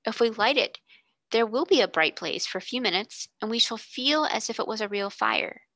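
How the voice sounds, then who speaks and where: A woman's voice: fairly high pitch, expressive, normal speed, pushed and bright, no echo. A woman voicing an imaginative young girl who speaks graciously, in a dreamy pretend-princess voice.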